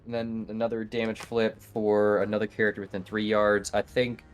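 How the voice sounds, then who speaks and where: A man playing a tabletop game, talking through his attacks and rolls, easily excited when they go well. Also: fairly low pitch, normal speed. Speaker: player.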